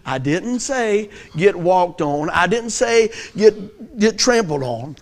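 Male pastor, middle-aged, high-pitched, animated sermon delivery with loud bursts and soft asides. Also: takes it slowly. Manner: animated storytelling with laughter and loud peaks.

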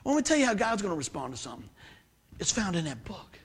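A male preacher delivers a sermon with a high, husky voice. He speaks in a folksy, plain way and hammers his points home by repeating words. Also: huge pitch swings, fast talker.

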